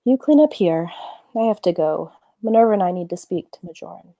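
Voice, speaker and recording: A woman voicing a tired but decisive young witch, brisk and commanding, in an amateur read-through of a fan script. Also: lowish voice, animated, dark tone, no echo.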